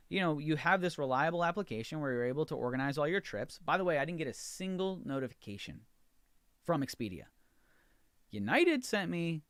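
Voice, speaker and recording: A man's voice: medium pitch, lively intonation, brisk, a bit bright, no echo, studio quality. An American man hosting a podcast, telling a frustrated story in a ranting monologue and acting out both sides of the conversations. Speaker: podcast host.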